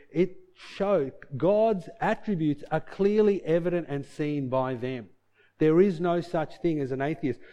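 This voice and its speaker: A man preaches a sermon, mixing scripture reading with a lively personal story. His voice sits slightly high but warm and mellow. He talks in an earnest, conversational way. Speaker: pastor.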